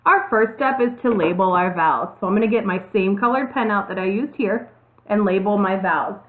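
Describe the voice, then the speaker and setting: Woman teacher, step by step, tinny audio. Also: medium pitch. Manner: slow, step-by-step, spells out letters. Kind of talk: classroom video lesson.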